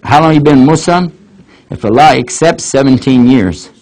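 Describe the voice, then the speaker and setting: Gravelly older man lecturing. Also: mid-range voice, moderate pace, rough recording. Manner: folksy storytelling, animated quoting of others. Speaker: Islamic lecturer answering questions. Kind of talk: casual lecture Q&A.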